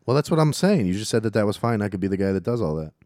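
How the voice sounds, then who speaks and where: A man's voice: lowish voice, animated, very fast, darkish tone, dry recording, studio quality. A man in casual chat, crude and joking, bantering with a friend. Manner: crude, joking, slips into silly put-on voices.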